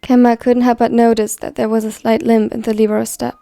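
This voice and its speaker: A woman reading a story aloud in a steady, even scripted narration. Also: fairly high pitch, brisk, creaky, no room sound. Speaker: fan fiction reader.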